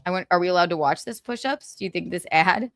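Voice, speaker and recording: A woman with a fairly low voice talks fast while hosting a casual gossip livestream about pop culture. Giggly and chatty, she says she's exhausted and slips in tired asides, with no echo on the recording.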